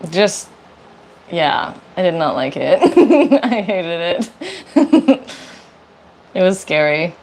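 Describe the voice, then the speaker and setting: A woman co-hosting a casual livestream, chatty and quick to laugh. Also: lowish voice, big pitch swings, a little mellow. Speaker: livestream co-host. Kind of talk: casual chat.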